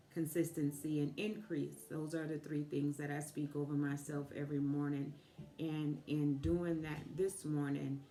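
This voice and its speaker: A woman in her fifties, a life coach giving a motivational talk, telling a personal story reflectively with pauses. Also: sits low, mellow. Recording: echoey room.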